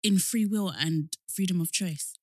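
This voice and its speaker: A woman's voice: lowish voice, measured pace, a little mellow, no room sound, studio quality. A young woman, co-hosting a casual podcast chat, giggly and apologetic. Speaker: podcast co-host.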